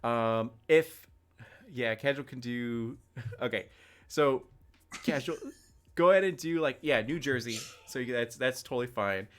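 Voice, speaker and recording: A man running a tabletop game on a livestream, chatty and quick to laugh. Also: mid-range voice, fairly bright tone. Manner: laughing often, loose and chatty. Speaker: game master.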